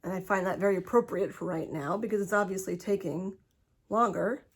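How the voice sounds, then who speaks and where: A middle-aged woman chats into her phone from home in a loose, unscripted way. She laughs easily and trips over her words as she goes. Her voice sits at a middle pitch for a woman. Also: fairly quick, slightly rough. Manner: chatty, laughs often, talks with restarts. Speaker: vlogger. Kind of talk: casual personal vlog. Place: home, indoors.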